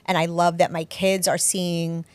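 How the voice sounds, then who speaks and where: A woman's voice: fairly low pitch, level tone, measured pace, clean tone, no echo. Candid, self-deprecating woman telling a story. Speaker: guest author. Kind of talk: casual interview chat.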